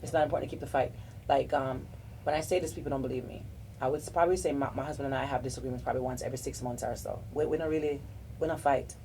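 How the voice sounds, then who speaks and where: A woman's voice: a bass voice, fairly even intonation, rapid-fire, vocal fry, slight background noise. A middle-aged woman hosting a podcast, giving earnest, rambling relationship advice in a casual group chat. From South Florida. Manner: warm-hearted, rambling, earnest advice with restarts. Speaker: podcast host.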